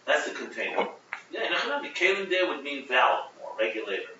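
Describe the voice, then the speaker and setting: A man teaching a Chassidic text class, explaining with animated restarts and Hebrew terms. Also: medium pitch, a little fast, slight background noise. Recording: muffled, echoey room, from a distance.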